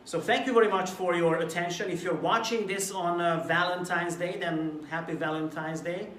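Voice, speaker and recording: A man from Hungary giving a recorded video talk to camera about presentation delivery, lively and at times acting out a dull, mumbled way of speaking as a contrast. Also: high voice, normal speed, roomy sound, distant mic, a little hiss or hum. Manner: animated, demonstrates flat and mumbled delivery as examples. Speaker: presentation coach.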